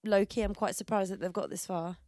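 A woman co-hosting a podcast, chatting in an animated, gossipy way, swearing and laughing often into a handheld mic. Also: mid-range voice, brisk, no room sound, studio quality. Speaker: podcast co-host. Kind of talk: casual chat.

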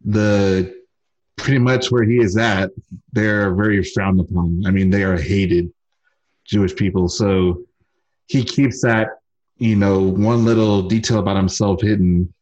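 A man co-hosting a casual podcast, recounting a movie plot in a relaxed way. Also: on the low side, measured pace, muffled recording. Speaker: podcast co-host. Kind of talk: casual chat.

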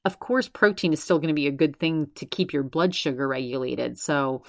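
A woman's voice: sits low, normal speed, creaky, no echo, clean studio sound. A woman podcast host casually recapping another show, constantly quoting with "she's like". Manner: retells others' words with constant "she's like".

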